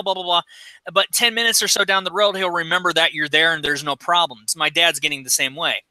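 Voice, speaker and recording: A man's voice: sits high, steady tone, quick pace, pushed and bright, no room sound. A middle-aged man in casual chat on a podcast, ranting with a lot of swearing. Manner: profane, ranting. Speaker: podcast co-host. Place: recording studio.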